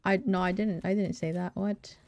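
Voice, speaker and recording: A woman's voice: medium pitch, fairly even intonation, normal speed, a little mellow, no echo. A young woman streamer chatting casually on a desk mic and playfully humming nonsense syllables and meowing between her chatter. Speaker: game streamer.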